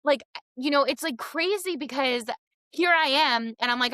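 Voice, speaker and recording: A woman's voice: high-pitched, moderate pace, bright, forceful tone, dry recording, clean studio sound. A woman hosting a podcast, chatting and telling a family anecdote with quoted dialogue. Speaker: podcast host. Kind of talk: podcast conversation.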